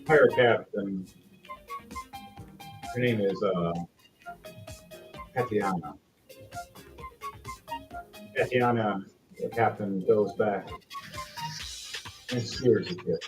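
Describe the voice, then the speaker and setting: A man's voice: on the low side, takes it slowly, long pauses, over music, rough recording. A man narrating casually as game master of a tabletop game.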